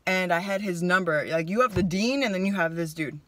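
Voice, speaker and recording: A woman's voice: lowish voice, brisk, dry recording. Chatty young woman telling a story. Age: young adult. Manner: animated, chatty, voices her own quotes. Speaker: vlogger. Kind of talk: casual storytelling to camera. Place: car.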